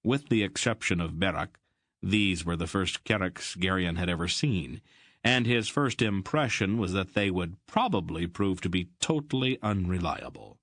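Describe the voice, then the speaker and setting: A man narrates a fantasy audiobook in a deep, low voice, steady and even. The recording is close and completely dry. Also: moderate pace, no room sound. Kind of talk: scripted narration.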